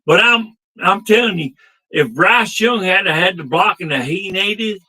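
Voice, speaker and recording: A man's voice: high voice, a little slow, sharp tone, low-quality recording. A man co-hosting a casual sports talk show while drinking, profane and rambling.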